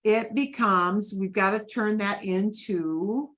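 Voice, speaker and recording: A woman's voice: mid-range voice, slow pace, background noise. A woman teaching a beginners' Spanish class, patiently repeating phrases for her students to echo.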